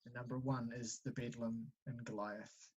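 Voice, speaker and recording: A man's voice: mid-range voice, level tone, moderate pace, darkish tone, slightly rough, highs cut off. A man co-hosting a casual podcast chat, blunt and joking, with swearing. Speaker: podcast co-host.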